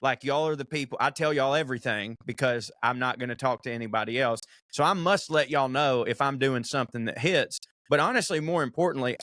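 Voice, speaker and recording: A man with a Southern US accent, co-hosting a podcast with joking, chatty banter and quick interjections. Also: mid-range voice, fairly bright tone, no echo, clean studio sound. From American South. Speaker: podcast co-host.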